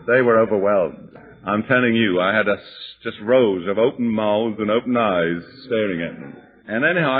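A man's voice: on the low side, husky. A man preaching, giving a vivid personal testimony with dry humor. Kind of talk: sermon testimony. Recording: tinny lo-fi tape recording.

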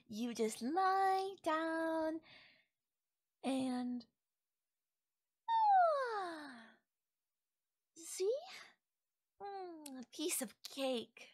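A woman playing a wide-eyed wolf-girl, high and lively. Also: slow, no room sound, clean studio sound, exaggerated voice. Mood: soft, wondering. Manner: wondering, questioning, innocent. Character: curious naive young female wolf-girl. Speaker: voice actress. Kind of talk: ASMR audio role-play.

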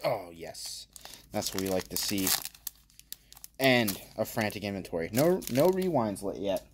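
A man hosting his own channel, casually commenting as he opens card packs, joking and reading card names aloud with bursts of excited exclaiming. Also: on the low side, moderate pace, noisy background.

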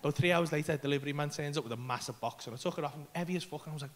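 A man in his thirties performing a stand-up comedy set on a club stage, telling a brash, sweary story with bursts of shouting into a handheld mic. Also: fairly high pitch, racing, hardly any pauses.

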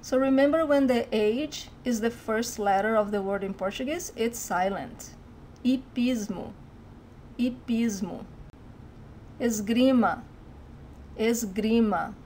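A woman with a Brazilian accent gives a language lesson, speaking slowly and carefully and repeating each word. Her voice sits a little high, with a faint hiss of background noise. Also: a little mellow. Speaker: language teacher.

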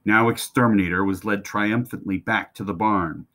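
Man, lowish voice, expressive storybook reader. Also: moderate pace. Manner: expressive, animated reading. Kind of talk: reading a children's book aloud.

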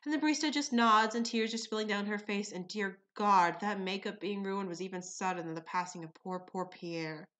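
A woman's voice: medium pitch, brisk, hardly any pauses, fairly bright tone. A woman vlogger telling funny everyday stories in a theatrical, wry, playful way. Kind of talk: comic storytelling vlog.

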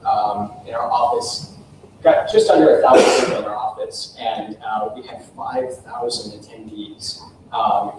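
A man's voice: mid-range voice, noisy background. An American man giving an informal workshop talk, enthusiastic and effusive, with frequent fillers. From United States. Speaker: workshop speaker. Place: workshop room. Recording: echoey room, voice from far off.

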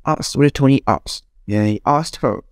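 A woman's voice: a bass voice, moderate pace, no echo, clean studio sound. A young woman teacher drilling English words for children, repeating each one and laughing between examples. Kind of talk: classroom drilling lesson.

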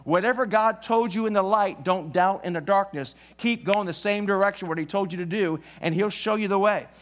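A man's voice: high voice, brisk, slight background noise. A male pastor preaching a live church sermon, stopping often to quiz the congregation with fill-in-the-blank questions.

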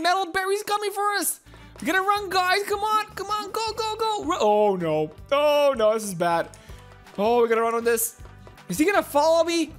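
Woman narrating her game for viewers, really high voice, super lively. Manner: animated, squealing and laughing at the game. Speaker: gaming video host. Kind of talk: excited gameplay commentary.

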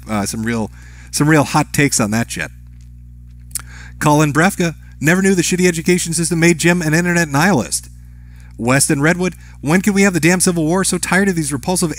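A man's voice: on the high side, brisk. A man reading out viewer messages on a live stream, answering each with brief offhand remarks. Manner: reads chat names and messages aloud, brief offhand replies.

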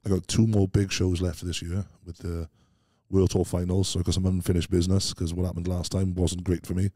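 A man talking as a podcast guest, telling rambling, animated stories and dropping "mate" into almost every sentence. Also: low voice, a little fast, dry recording, clean studio sound. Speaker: podcast guest, strongman athlete. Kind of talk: casual interview chat.

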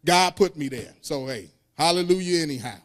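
A man's voice: a little high, expressive, normal speed. A man preaching a sermon, reading scripture aloud and breaking into sung, call-and-response lines in casual speech.

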